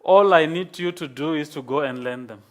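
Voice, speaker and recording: A man lecturing a class, explaining slowly and patiently and checking in with "okay?". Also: fairly high pitch.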